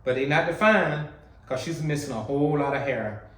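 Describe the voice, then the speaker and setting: A man's voice: on the high side, normal speed, a bit bright, echoey room, distant mic, rough recording. Chatty man hosting a reaction video. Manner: chatty, teasing, addresses viewers as fam. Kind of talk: casual commentary on a clip.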